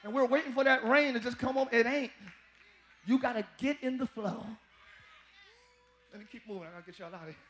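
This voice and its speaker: A male pastor preaching a live sermon to his congregation, folksy and talking to them as y'all, with quiet asides that break into shouted peaks. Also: very high voice, fairly quick, long pauses. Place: large church.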